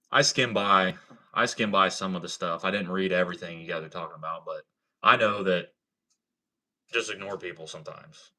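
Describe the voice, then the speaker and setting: Deep-voiced young man, laid-back streamer. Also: sharp tone. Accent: slight Ohio country. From Ohio, USA. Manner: laid-back, swears a lot, says man and bro. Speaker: livestreamer. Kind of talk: casual livestream chat reading comments.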